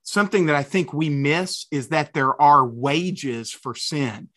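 A male podcast host with a bright, forceful tone and a somewhat raised pitch. He reacts enthusiastically, stumbles over repeated words, and leans into a casual, preacherly manner. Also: lively intonation, measured pace. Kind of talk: casual faith interview.

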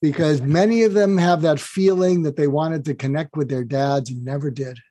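Man, older, guest author, animated, acts out dialogue, slightly high voice, dry recording. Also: normal speed, no echo. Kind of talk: podcast interview, explaining advice.

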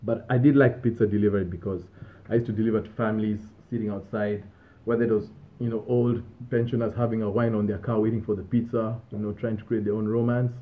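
A man's voice: lowish voice, level tone, fast talker. A man telling casual stories from his student days, rambling and laughing as he goes. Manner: laughing, rambling, self-amused. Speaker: vlogger. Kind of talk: casual storytelling. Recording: tinny phone-like audio.

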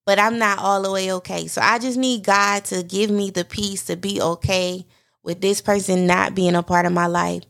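A mother who hosts a podcast talks candidly and from the heart, speaking directly to her listeners in a personal monologue. Her medium-pitched voice is gravelly and a bit bright, with fairly even intonation and a moderate pace.

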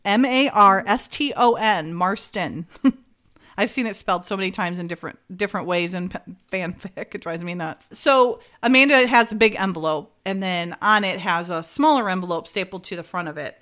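A woman's voice: mid-range voice, normal speed. Woman podcaster recapping episodes, chatty, laughs a lot. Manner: animated retelling with laughs and acted-out quotes. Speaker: podcast co-host recapping a show. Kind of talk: casual chat.

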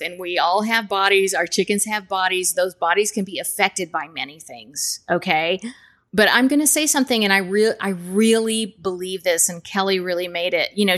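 A woman's voice: fairly low pitch, a bit bright. Earnest woman hosting a chat podcast. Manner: earnest and reassuring, many fillers and restarts. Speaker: podcast host. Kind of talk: casual podcast talk.

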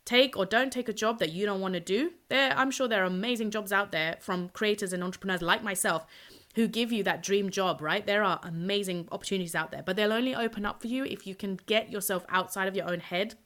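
A young woman talks straight into a solo podcast, chatty and full of energy. Her voice is bright and forward, and she swears freely without slowing down. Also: mid-range voice. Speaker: podcast host and purpose coach.

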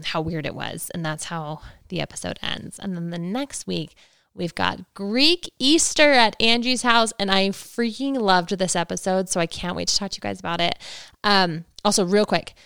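Woman, podcast host, casual rambling recap, vocal fry, dry close mic. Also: lowish voice, no echo. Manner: chatty, opinionated, rambling with many fillers.

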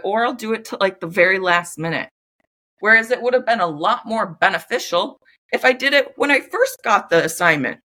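Candid, chatty young woman with a bright voice. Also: medium pitch. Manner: chatty and candid, swears freely, lots of "like". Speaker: vlogger. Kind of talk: casual self-help monologue.

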